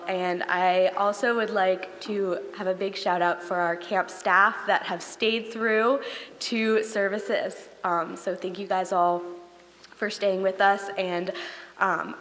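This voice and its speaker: A woman's voice: lowish voice, a bit bright. Woman making announcements in a reverberant hall. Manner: friendly, many "um" fillers. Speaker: camp program leader. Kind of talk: congregation announcements. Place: synagogue sanctuary. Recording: long reverb of a large hall.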